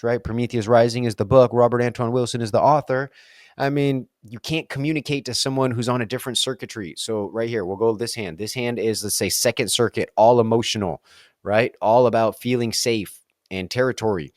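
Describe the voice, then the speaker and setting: A solo podcast host with a medium-pitched voice muses casually on reflective questions, recorded on a dry close mic with no echo. He's playful, slipping quick silly voices into the middle of his thoughts.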